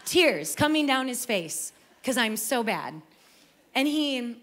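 Middle-aged woman telling her testimony, earnest, emotional, voice sits a bit high. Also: big pitch swings, slow pace, a bit bright. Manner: earnest storytelling, emotional, with repeated phrases. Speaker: worship singer sharing testimony. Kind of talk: personal testimony.

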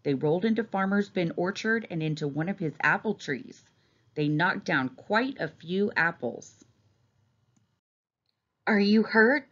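A teacher reading a storybook aloud in a gentle, expressive manner. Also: female voice, lowish voice, moderate pace, muffled recording.

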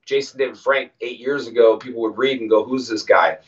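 A man as an interview guest, telling stories casually and acting out quoted lines with animated voices. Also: mid-range voice, brisk. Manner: animated, acts out quoted dialogue. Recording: distant, muffled audio.

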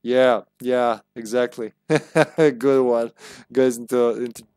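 A man's voice: mid-range voice, level tone, slow pace, darkish tone, clean tone, dry recording. A man giving joking, sarcastic commentary while playing a video game on a live stream. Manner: jokey, sarcastic, laughs often. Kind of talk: casual gameplay commentary.

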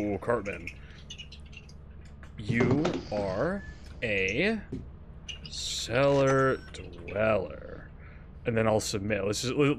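A man streaming a game with friends, talking casually and excitably, swearing and laughing often. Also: mid-range voice, slight background noise. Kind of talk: casual gaming stream commentary.

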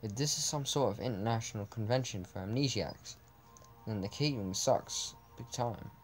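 A man's voice: lowish voice, normal speed, slight background noise, close to an everyday voice. A man reading the lines of a wisecracking amnesiac prisoner in a flippant, joking manner.

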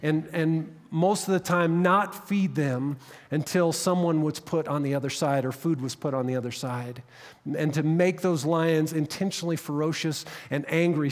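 A man preaching a sermon, telling the story dramatically and dropping to hushed tones at tense moments. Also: fairly high pitch. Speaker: pastor. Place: church sanctuary. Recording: long reverb of a church hall.

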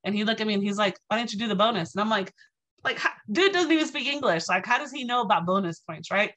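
A woman giving an inspirational lecture, telling lively stories and acting out the voices of people she quotes, with lots of "you know" and "right". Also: medium pitch, quick pace, poor audio. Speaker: speaker.

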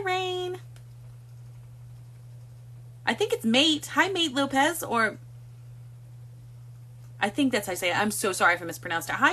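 A woman's voice: sits high, pushed and bright. A woman hosting a casual live stream from home on a phone, chatting and greeting viewers by name one after another. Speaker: livestream host.

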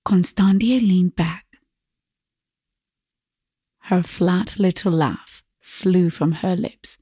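A woman narrating a classic short story as an audiobook in a measured, even way. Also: lowish voice, husky, dry recording, studio quality.

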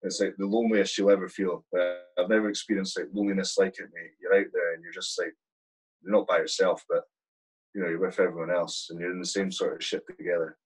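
Husky-voiced man telling war stories. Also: sits low, little pitch movement, quick pace, rough recording. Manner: blunt, swears freely, vivid war anecdotes. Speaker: guest, army platoon sergeant. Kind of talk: casual storytelling.

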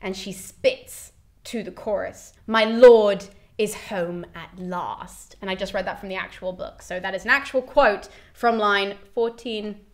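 A woman presenter giving an animated, chatty summary of a classical play, swearing and laughing freely. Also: mid-range voice, normal speed. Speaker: YouTube presenter.

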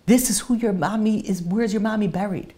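A man's voice: high-pitched, fairly quick, dark tone, pitched above the performer's own voice, close to an everyday voice. A man voicing a grieving young husband who pleads through tears, then speaks tenderly to his small daughter.

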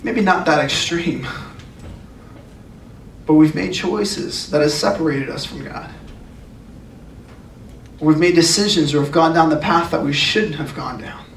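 Male youth pastor, high voice, earnest sermon, recorded from afar in an echoey room. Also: measured pace, pauses often. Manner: earnest, emphatic, repeats phrases. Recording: echoey room, distant mic, faint noise.

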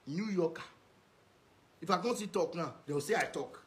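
A man with a high-pitched voice and a Nigerian Pidgin accent, ranting straight at someone in a video message. He scolds and insults, hammering the same put-downs again and again. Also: expressive, moderate pace, fairly bright tone. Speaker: social media commentator.

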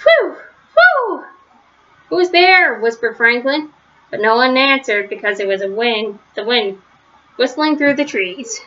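Bright-voiced woman reading a children's story. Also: a little high, moderate pace, dull audio. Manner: gentle, with small slips and restarts. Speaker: storybook reader. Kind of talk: children's story read aloud.

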